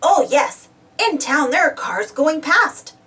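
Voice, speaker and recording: A woman's voice: sits high, slow, distant mic, pitched above the performer's own voice, exaggerated voice. A woman voicing a jittery little female truck. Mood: excited. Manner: excitable, stammers when frightened. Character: jittery young female toy-like truck, easily scared.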